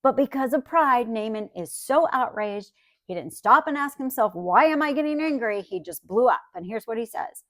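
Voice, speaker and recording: A woman's voice: fairly high pitch, lively intonation, moderate pace, no echo, clean studio sound. A woman Bible teacher giving a conversational teaching talk, often checking in with listeners by asking "right?".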